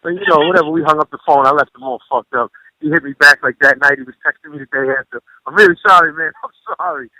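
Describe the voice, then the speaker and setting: A rapper phoning in as a guest, telling stories in a rambling, profane way, full of "you know". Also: male voice, fairly high pitch, steady tone, quick pace, pushed and bright, dry recording. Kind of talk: casual storytelling over the phone. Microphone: phone. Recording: muffled phone line.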